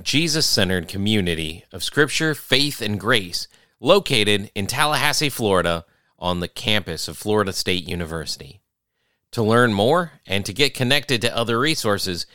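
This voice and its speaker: A man with a lowish, bright voice reads a formal introduction at an even, measured pace. The sound is dry and close, with no room around it. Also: no room sound. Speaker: announcer. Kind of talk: scripted intro.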